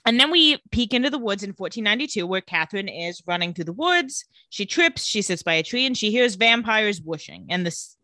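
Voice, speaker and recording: Bright, lively woman recapping. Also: medium pitch, no room sound, clean studio sound. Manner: animated storytelling, acts out quotes. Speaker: podcast co-host recapping a TV episode. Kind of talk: casual chat.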